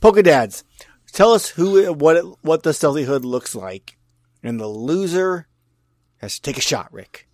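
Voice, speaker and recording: A man's voice: fairly high pitch, expressive, a little slow, a little mellow, no echo. Teasing man with a dry, close voice. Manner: teasing, explanatory. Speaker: podcast co-host. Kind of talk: casual chat about trading cards.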